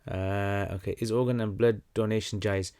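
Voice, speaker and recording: A young man hosting a casual livestream Q&A, talking in a relaxed, conversational way with many fillers and restarts. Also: fairly low pitch, moderate pace, clear, resonant tone. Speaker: livestream host answering questions.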